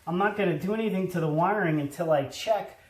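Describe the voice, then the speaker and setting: A man's voice: high voice, fast. A man hosting a casual DIY how-to video, joking and rambling, lecturing with emphasis, indoors at home. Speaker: handyman host. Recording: roomy echo.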